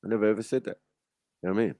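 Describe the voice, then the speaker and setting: A man hosting a panel, arguing his side in a laid-back, low-key manner full of street slang. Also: steady tone, racing, gravelly, warm tone, dry recording. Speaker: panel host. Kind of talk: heated casual debate.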